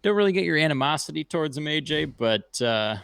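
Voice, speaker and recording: A man co-hosting a sports betting show, talking casually and explaining bets in a measured, reasonable way. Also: a little high, expressive, gravelly, a bit bright, clean tone, dry recording, studio quality.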